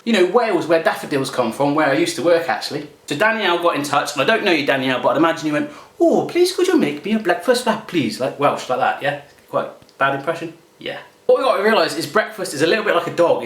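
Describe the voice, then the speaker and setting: A man's voice: a little high, fairly bright tone. A man hosting a casual cooking demo, joking around and making playful asides as he cooks. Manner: jokey and playful, with silly asides. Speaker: home cook and channel host. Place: home kitchen. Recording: echoey kitchen room.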